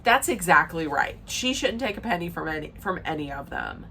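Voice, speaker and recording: A woman's voice: low-pitched, expressive, brisk, creaky, pushed and bright, slight background noise. A woman giving a chatty, opinionated recap rant, emphatic and rambling with sarcastic asides. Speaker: reality TV recap vlogger.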